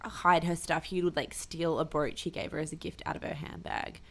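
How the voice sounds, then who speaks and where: Brief: female co-host, low-ish gravelly voice, animated casual storyteller. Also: normal speed, a little hiss or hum. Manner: animated storytelling with many fillers. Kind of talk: casual chat.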